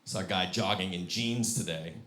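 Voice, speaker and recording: A man doing stand-up storytelling on stage, animated and acting out voices. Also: low-pitched, moderate pace, noisy background. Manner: animated, acts out voices with big shouted peaks. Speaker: stand-up comedian. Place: theater stage with live audience. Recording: roomy live venue with crowd laughter.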